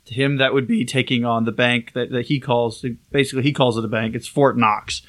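A man's voice: medium pitch, fairly even intonation, a little fast, a bit bright. A man on a casual podcast, retelling a film's plot in a loose, rambling way with plenty of filler words. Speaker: podcast co-host.

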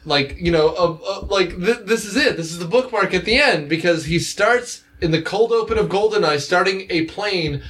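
Guy riffing on an old spy movie, kinda high voice, snarky and rambly, swears a lot. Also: moderate pace, hardly any pauses, a bit bright. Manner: sarcastic, rambling, swears freely. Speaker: podcast co-host. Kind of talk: casual movie review chat.

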